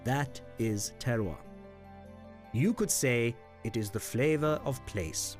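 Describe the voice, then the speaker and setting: A man narrating a scripted wine lesson in an expressive, playful way. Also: mid-range voice, slow. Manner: lively, expressive delivery with playful put-on accents. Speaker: wine course instructor. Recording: dry voice-over with faint music.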